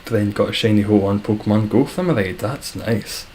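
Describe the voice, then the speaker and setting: A man's voice: lowish voice, moderate pace, darkish tone, a little hiss or hum, rough recording. A Scottish man chatting casually on a live stream, reading out viewer comments with dry, self-deprecating humour. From Scotland.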